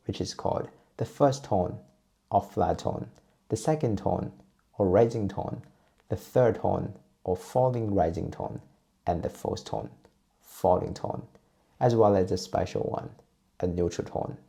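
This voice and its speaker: Low gravelly-voiced man teaching tones. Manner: patient, steady teaching voice, repeats drill sounds. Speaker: Chinese teacher. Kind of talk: explaining and modeling pronunciation.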